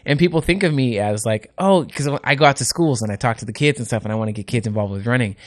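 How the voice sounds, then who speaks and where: A man who hosts radio, chatting casually on a podcast and telling animated stories that act out the people he quotes. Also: medium pitch, fast talker, no room sound, studio quality. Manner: animated, acts out quoted people, laughs often. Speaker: radio host and race organizer. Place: indoor podcast studio.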